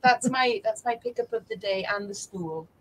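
A woman's voice: medium pitch, normal speed, rough recording. A woman co-hosting a casual live stream, showing what she bought in a dry, jokey way. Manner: dry and jokey, lists items plainly. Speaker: livestream co-host showing purchases. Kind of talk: casual chat.

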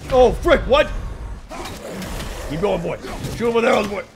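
A young man giving joking, excitable let's play commentary, talking back to the game characters. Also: high-pitched, normal speed, gravelly, over music. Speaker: gaming YouTuber.

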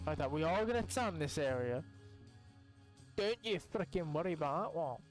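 A young man chats through a building game in a relaxed, rambling way, his fairly high voice leaping up whenever something pleases him. He swears casually and talks straight to his viewers. Soft background music plays quietly behind him. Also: normal speed. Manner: excitable, swears casually, bursts into high exclamations. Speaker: gaming youtuber. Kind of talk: casual gameplay commentary.

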